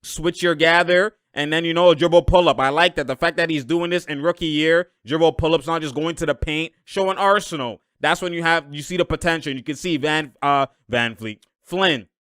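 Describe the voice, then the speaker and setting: Young guy yelling and laughing at basketball clips, slangy, smooth clear voice, kinda high, dry. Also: fairly quick, hardly any pauses, dry recording. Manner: excitable, laughs often, loud outbursts, slangy. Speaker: basketball reaction commentator. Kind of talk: live game reaction commentary.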